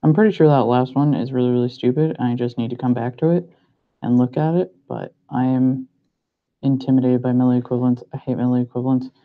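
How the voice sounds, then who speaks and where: A man's voice: mid-range voice, steady tone. A young man, a pharmacy student, thinking aloud as he works through practice problems and doubts himself. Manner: muttering to himself, unhurried, self-doubting. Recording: muffled lo-fi recording.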